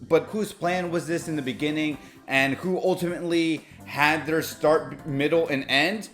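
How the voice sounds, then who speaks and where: A man talking through an anime episode in a casual review, openly emotional and excitable, with many fillers and restarts. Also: on the high side, normal speed, soft background music.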